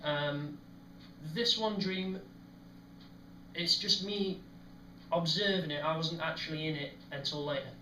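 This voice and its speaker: Young male host, casual rambling storyteller, higher voice, roomy echo with faint background hiss. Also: a little slow, pauses often. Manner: rambling, many ums, animated when retelling. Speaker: podcast host. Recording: echoey room, mic at a distance.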